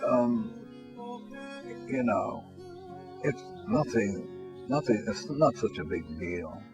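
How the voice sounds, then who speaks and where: A man being interviewed as a spiritual teacher, telling stories in a relaxed, soft-spoken way, his phrases often trailing off quietly. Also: lowish voice, takes it slowly. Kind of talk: relaxed conversational storytelling. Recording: dull lo-fi recording with faint music.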